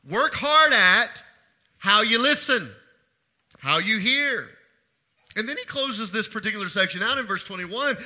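A man's voice: high-pitched, pushed and bright. A middle-aged man preaching a sermon as pastor, asking the congregation questions and repeating key phrases for emphasis. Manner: asks the congregation questions and pauses for answers.

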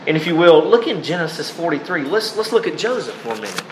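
A male preacher delivering a sermon, calling his listeners beloved and reading scripture passages aloud. He speaks in short, deliberate phrases with pauses between them. A faint air-conditioning hum sits behind his voice. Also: on the high side, sing-song, poor audio.

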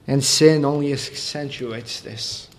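A man preaching a sermon, explaining calmly and then building to raised, emphatic delivery. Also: mid-range voice, takes it slowly.

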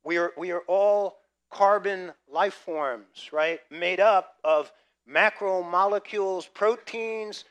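A man preaching a sermon, lively and conversational, swinging between loud emphasis and quiet asides. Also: high voice, slow pace. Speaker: pastor.

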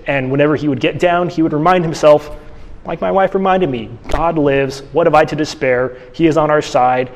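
A man's voice: medium pitch, in a large hall. A man teaching a church class in a casual, conversational way, often restarting his sentences. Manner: conversational, with frequent restarts and fillers.

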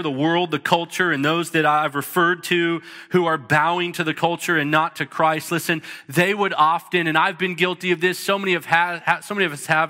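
A man's voice: fairly high pitch, pushed and bright. A man in his thirties preaching a sermon as pastor, earnest and emphatic, with short punchy repeated lines. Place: church sanctuary. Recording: long reverb of a large hall.

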